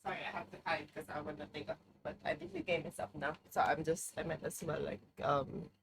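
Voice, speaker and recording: A woman's voice: deep voice, fairly quick, gravelly. A young woman chatting casually on a live stream, playful and mock-dramatic, swearing freely, from a room at home with a heater running. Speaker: livestreamer.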